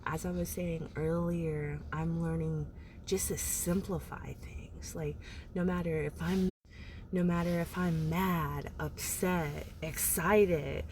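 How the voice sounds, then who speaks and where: Woman, motivational vlogger, slow and low-pitched, rambling casual delivery, faint noise behind. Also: steady tone. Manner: rambling, filler-heavy, frequent "like"; laughs between thoughts. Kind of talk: casual motivational talk to camera.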